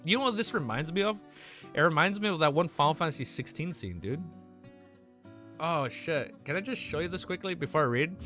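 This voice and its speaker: A man's voice: fairly high pitch, a bit bright. A young man streaming, reading a web novel aloud and breaking off to swear and react emotionally. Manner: swears freely, reacts emotionally between passages.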